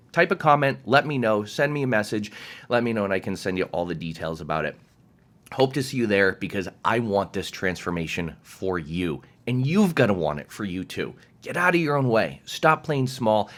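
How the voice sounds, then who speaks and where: A man's voice: mid-range voice, a bit bright. A man giving a direct-to-camera motivational talk as a coach, emphatic and passionate, swearing freely.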